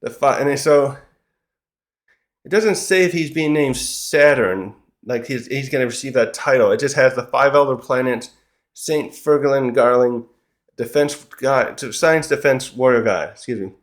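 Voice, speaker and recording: A man's voice: medium pitch, unhurried. A man giving a casual recap commentary of a comic chapter, rambling and often correcting himself. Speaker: manga chapter reviewer.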